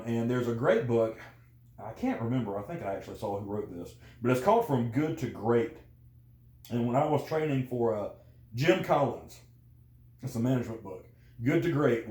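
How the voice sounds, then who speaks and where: A man's voice: mid-range voice, darkish tone. A man chatting casually as a guest, rambling with many fillers and restarts. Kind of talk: casual conversation. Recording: roomy echo.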